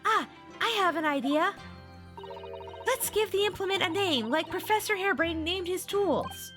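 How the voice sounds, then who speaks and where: A woman voicing a kindly, courteous older landlady in a video game, speaking in a soft, genteel manner. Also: very high-pitched, animated, normal speed, over music, voice pushed up. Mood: gentle.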